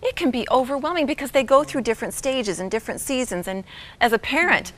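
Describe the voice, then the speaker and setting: A woman's voice: sits high, animated, fast, a bit bright. A woman in her forties hosting a talk show, affirming and guiding the conversation.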